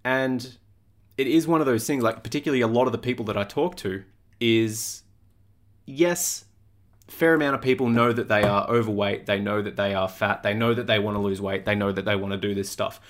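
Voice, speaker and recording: A man's voice: lowish voice, fairly quick. A young man hosting a podcast as a fitness coach, talking in a blunt, casual way with frequent swearing.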